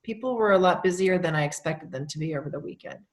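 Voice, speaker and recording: A woman's voice: fairly low pitch, quick pace. A woman leading a casual sales team call, encouraging and affirming her team.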